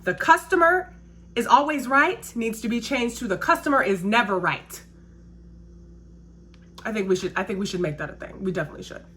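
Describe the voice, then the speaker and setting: Her voice sits a little high, bright and pushed, moving at a brisk clip with frequent pauses. This restaurant server talks casually and with emphasis as she goes through her makeup routine, circling back to the same key phrases.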